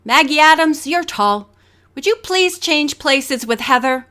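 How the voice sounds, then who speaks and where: Brief: high-pitched, commanding female fashion director barking orders, read by a woman narrator. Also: expressive, a little slow, heavily acted. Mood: bossy. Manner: loud, bossy, clipped orders.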